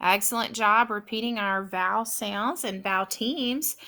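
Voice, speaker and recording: A woman teacher giving a slow, clear, encouraging phonics lesson to children. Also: medium pitch, bright, forceful tone.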